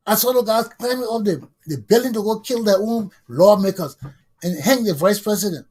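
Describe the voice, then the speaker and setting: A middle-aged man, a talk show host delivering an angry, heated political monologue that rises to shouting. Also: sits high, moderate pace, breathy edge. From Liberia.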